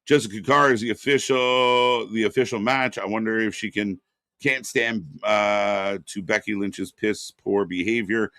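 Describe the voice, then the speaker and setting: Excitable man reacting to a live wrestling show. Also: lowish voice, a little slow, no echo, clean studio sound. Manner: excited, rambling, with fillers and sudden loud bursts. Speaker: wrestling watch-party co-host.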